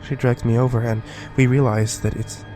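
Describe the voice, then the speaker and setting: A man narrating a first-person horror story in a scripted, hushed delivery. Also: medium pitch, little pitch movement, moderate pace, music in the background.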